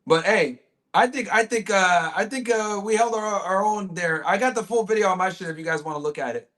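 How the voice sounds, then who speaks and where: A man's voice: sits high, fairly quick, a bit bright. A man hosting a livestream, talking to his chat in a brash, crude way with lots of swearing. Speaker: livestream host.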